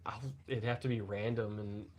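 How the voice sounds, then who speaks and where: A man's voice: lowish voice, flat delivery, moderate pace, darkish tone. A middle-aged man co-hosting a casual live podcast, telling profane, rambling stories and coughing now and then after a bout of pneumonia. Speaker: podcast co-host.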